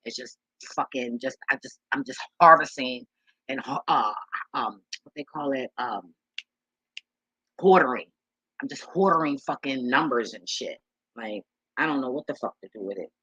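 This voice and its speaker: Husky-voiced woman rambling to viewers. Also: a bass voice, moderate pace, pushed and bright, no room sound, dull audio. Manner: loose and profane, rambling with many restarts; talks straight to her viewers as y'all. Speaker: vlogger. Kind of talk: casual rambling monologue to viewers.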